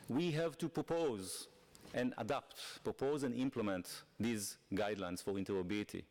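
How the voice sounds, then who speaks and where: A man's voice: on the low side, creaky, a little mellow. A man speaking for industry on a conference panel, emphatic and persuasive. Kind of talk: conference talk.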